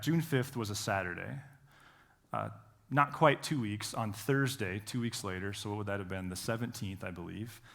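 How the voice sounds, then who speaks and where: A middle-aged male pastor giving a conversational sermon, full of rhetorical questions, restarts and lively quoted lines. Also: medium pitch. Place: church hall.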